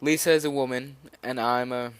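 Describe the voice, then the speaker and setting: A young man talks through a beginner's lesson in a loose, slightly nervous way, stopping and restarting his sentences. His voice is smooth and clear, recorded close up with a dry, roomless sound. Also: medium pitch, steady tone, moderate pace, no room sound. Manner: nervous, rambling, hesitant with fillers and restarts. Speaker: language teacher. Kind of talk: informal spoken lesson.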